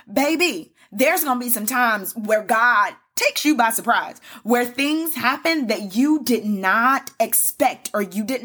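A woman's voice: fairly high pitch, bright, forceful tone. A woman hosting a solo devotional podcast, preaching fervently in a repetitive cadence and calling listeners "baby" and "y'all". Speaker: podcast host.

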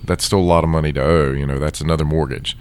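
A man's voice: extremely low pitch, steady tone, fast. A man co-hosting a podcast, chatting in an affable, conversational way and asking questions. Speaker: podcast co-host. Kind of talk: casual interview chat.

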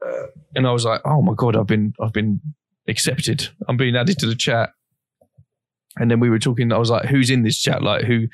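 A man's voice: medium pitch, steady tone, moderate pace, no echo, clean studio sound. A young man co-hosting a podcast, telling a long story in a rambling, casual way with plenty of swearing. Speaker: podcast co-host. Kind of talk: casual chat.

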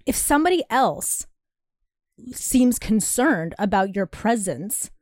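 A woman's voice: medium pitch, takes it slowly, no room sound, clean studio sound. A woman co-hosting a podcast, telling a story casually, laughing often and acting out what people said. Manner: animated storytelling, laughs often, acts out quotes. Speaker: podcast co-host. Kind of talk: casual chat. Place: Brooklyn apartment.

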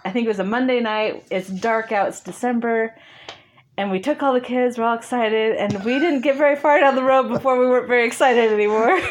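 A woman guest in an interview, telling a story casually, laughing often and acting out bits of dialogue. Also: a little high.

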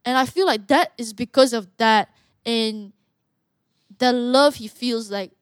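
A young woman from Malaysia, a fighter telling stories as a guest in a casual interview, animated and quick with asides. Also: a little high, clean tone, no echo, studio quality. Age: young adult. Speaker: guest, mixed martial artist.

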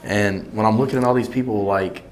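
A man, a singer telling lively anecdotes in an interview, acting out the voices of the people he quotes and laughing often. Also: fairly low pitch, fairly quick, a little hiss or hum. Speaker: singer and bandleader. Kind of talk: animated storytelling in an interview.

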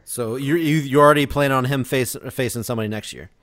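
A man's voice: medium pitch, fast, a crowd in the background. Man hosting a podcast chat. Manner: leads the talk, asks the others questions. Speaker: podcast host. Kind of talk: casual chat.

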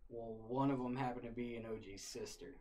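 A man's voice: medium pitch, brisk, slight background noise. A young man casually retelling a wild story, full of swearing and laughter. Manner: profane, animated, laughing retelling.

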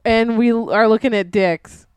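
A woman podcast host in crude, joking casual chat, reacting loudly. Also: a little high, moderate pace, clear, resonant tone, dry recording.

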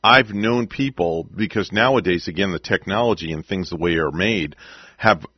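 A man's voice: sits low, normal speed, no echo. A man co-hosting a morning radio show, bantering in an easygoing, agreeable way. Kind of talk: casual morning radio chat. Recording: dull lo-fi dry studio sound.

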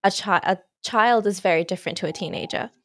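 A young adult woman hosts a parenting podcast, talking fast in a mid-range, slightly bright voice. In this conversational interview she asks long, hesitant questions packed with "sort of."

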